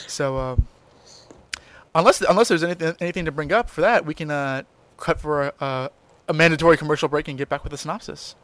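A man's voice: on the high side, brisk, a bit bright, no room sound. A man co-hosting a podcast, chatting casually and enthusiastically, often restarting his sentences. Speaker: podcast co-host. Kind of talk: casual chat.

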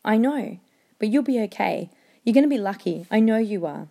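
A woman reading the lines of a dying father who gently urges his son on, while she reads a novel aloud to a class. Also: mid-range voice, expressive, moderate pace, creaky. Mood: tender. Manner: quiet, gentle and insistent.

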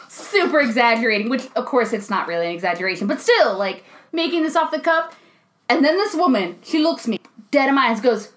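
A young woman co-hosting a podcast, with a high voice that leaps up and down as she tells a story. She chats casually and laughs easily, acting out what other people said. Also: a little fast. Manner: animated, laughs often, acts out quotes. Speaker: podcast co-host. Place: recording studio.

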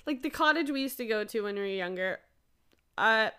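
A woman's voice: fairly high pitch, lively intonation, brisk, pushed and bright, smooth. A young woman from Canada with a Canadian accent, co-hosting a podcast, rambling and giggling in casual chat. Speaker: podcast co-host.

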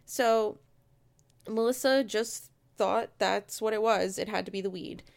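A woman's voice: medium pitch, a little slow, gravelly. Chatty woman telling a spooky true story. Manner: chatty, conversational asides, frequent fillers. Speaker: storyteller host. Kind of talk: casual true-crime storytelling.

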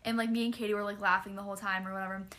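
A young woman on a podcast, telling a story in a lively, profane way. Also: mid-range voice, racing. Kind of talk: casual chat.

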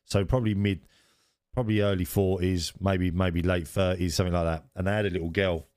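A man's voice: low voice, flat delivery, a little fast, darkish tone, clear, resonant tone, no room sound, clean studio sound. A man in his forties, co-hosting a podcast and rambling through a funny story while laughing at himself. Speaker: podcast co-host. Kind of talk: casual storytelling chat.

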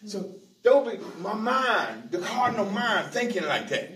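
High-voiced preaching bishop in an echoey church. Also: male voice, sing-song, a little slow, a crowd in the background. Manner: Southern preacher cadence, repeats hallelujah, rising to shouts. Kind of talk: sermon. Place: church sanctuary. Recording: echoey church from far off with congregation.

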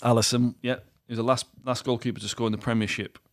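A man's voice: medium pitch, flat delivery, fast, no room sound, studio quality. A young man hosting a casual podcast, teasing his co-host with jokes, laughter and the odd swear word while running a quiz. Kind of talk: casual banter.

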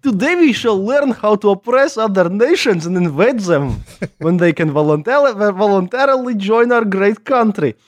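A man's voice: sits high, lively intonation, moderate pace, no echo, pitched above the performer's own voice. A man putting on a thick Russian accent, playing a grandly sarcastic propaganda teacher addressing schoolchildren. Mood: mock-grand. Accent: thick put-on Russian. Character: mock Russian propaganda teacher lecturing kids.

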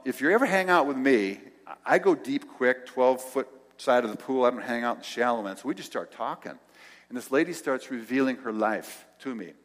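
An older male pastor telling a story in a sermon, acting out the dialogue and dropping to soft tones. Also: lowish voice. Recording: long hall reverb.

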